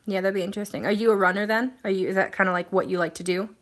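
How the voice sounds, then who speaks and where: A woman's voice: mid-range voice, steady tone, rapid-fire. A woman hosting a casual live stream, chatting and answering viewer comments in a rambling way with plenty of ums and restarts.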